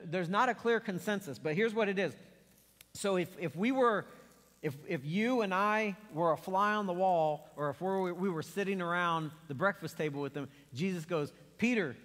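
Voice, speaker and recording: A man's voice: on the high side, big-room sound. A middle-aged man preaching a sermon in a church, telling stories and acting out quotes in a conversational way. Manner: conversational storytelling with acted quotes. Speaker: pastor. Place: church sanctuary.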